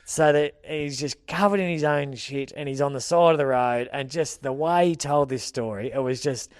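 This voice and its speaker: A man's voice: mid-range voice, normal speed, dry recording, studio quality. Rambling Australian man telling a yarn. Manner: rambling anecdotes, laughs while telling. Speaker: podcast co-host. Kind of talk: casual storytelling chat.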